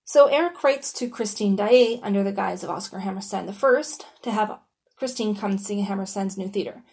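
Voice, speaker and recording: A woman hosts a podcast on her own in a loose, conversational way. She keeps dropping in "you know" and "like", and she swears casually as she goes. Her voice sits at a middling pitch for a woman. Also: a little fast, darkish tone. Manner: chatty and informal, lots of "you know" and "like", swears freely. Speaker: podcast host.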